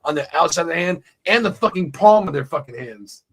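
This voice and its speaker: Profane storytelling podcast host. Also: male voice, fairly high pitch, lively intonation, a little fast, a bit bright. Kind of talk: casual chat.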